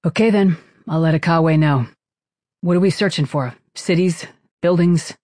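A man's voice: on the high side, a little slow, darkish tone, no room sound, clean studio sound, lightly acted. Narrator playing a blunt male starship captain. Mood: businesslike. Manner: blunt, commanding.

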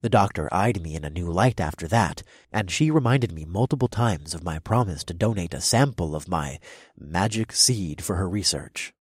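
A male narrator tells a first-person fantasy tale in a steady, measured voice. His voice is low and a little husky. The dry, close sound keeps him right at the listener's ear. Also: no room sound. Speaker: audiobook narrator.

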